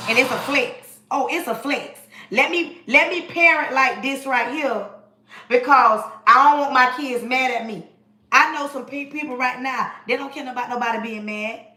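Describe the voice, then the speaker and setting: A woman's voice: sits high, sharp tone. A woman in her forties giving an emphatic, preachy livestream monologue, talking straight to her viewers. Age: 40s. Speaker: livestream host. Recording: roomy echo.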